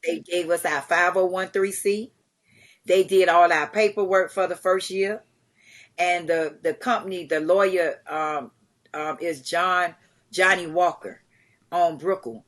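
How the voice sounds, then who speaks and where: Woman, middle-aged, podcast guest, storyteller, animated, laughs often. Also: lowish voice, a little slow. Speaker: guest, community charity founder.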